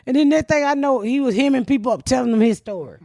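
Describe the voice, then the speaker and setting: A woman comedian hosting a podcast, telling a loud, profane story and laughing often. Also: high-pitched, lively intonation, quick pace, vocal fry, no room sound, clean studio sound. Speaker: comedian host.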